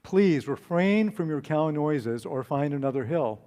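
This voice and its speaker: A man's voice: a little high, animated, measured pace, long reverb tail. A man voicing a humble, earnest male monk who politely asks to be left to meditate. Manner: pleading then exasperated, gently formal.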